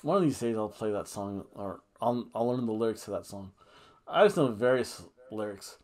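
A fairly low, slightly mellow, animated voice at moderate pace belongs to a podcast co-host reviewing wrestling. A little tipsy on red wine, he goes off on jokey tangents and launches into goofy singing and chants.

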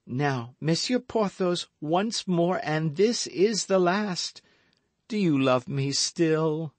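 A man doing a proud lawyer's wife in her middle years who sounds piqued and pleading. The voice is raised high and bends a lot, with slow phrasing. It is recorded close and dry, as in a storybook reading. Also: animated, no echo.

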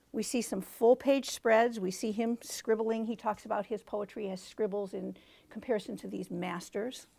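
A woman's voice: on the high side, creaky. A woman hosting a book talk for teachers, explaining in a teacherly way and reading poems aloud. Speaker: book reviewer and show host.

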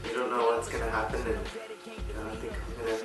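A man's voice: mid-range voice, little pitch movement, fast talker. Hesitant young man, echoey and distant. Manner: rambling, hesitant, trailing off. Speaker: interviewer and friend giving a birthday tribute. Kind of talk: casual birthday video message. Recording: very echoey room, far from the mic, music playing.

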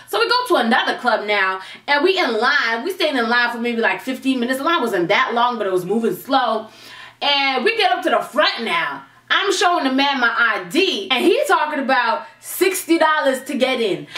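A young woman from Canada telling a story on her vlog, brash and animated, with plenty of cursing. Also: fairly high pitch, moderate pace. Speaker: vlogger. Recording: roomy echo, mic far off.

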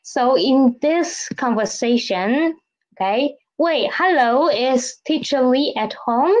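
A woman teaching a Mandarin lesson in English, explaining slowly and repeating key phrases with "okay?". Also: sits high, expressive, rough recording. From Philippines. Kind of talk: language lesson.

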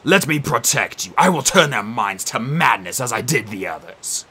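Low slow mocking ghost king, husky and menacing, a man doing the voice. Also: lively intonation, sharp tone. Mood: sneering menace. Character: sneering ghost of an ancient king, male.

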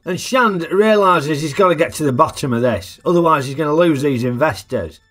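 A man's voice: on the high side, animated, fairly quick, fairly bright tone, soft background music. A man giving a chatty, jokey film review full of tag questions. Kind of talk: casual film review narration.

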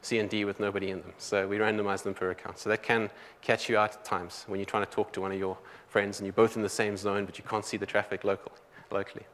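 A man with a South African accent giving a technical conference talk, talking quickly with many fillers and restarts. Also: on the low side, flat delivery, fairly bright tone, in a large hall. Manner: quick, loose delivery full of "um" and restarts. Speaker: conference presenter. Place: large conference hall.

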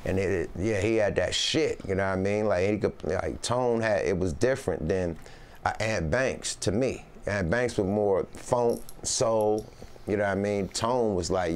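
A man interviewed as a rapper chats casually in a rambling way, full of Northern California slang and endless "you know what I mean." He's on the low side, speaking at normal speed in a slightly mellow voice.

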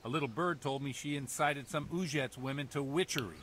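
An actor playing a worried, stern village priest in a video game, speaking in an earnest, preachy way. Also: male voice, medium pitch, fairly quick, fairly bright tone, a little hiss or hum, close to an everyday voice. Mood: grave. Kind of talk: game character dialogue.

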